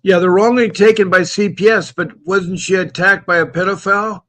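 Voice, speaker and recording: A man hosts a live call-in stream, reading viewer comments aloud and greeting people by name in a chatty, repetitive way. His voice sits high and keeps a steady tone, brisk and a little bright.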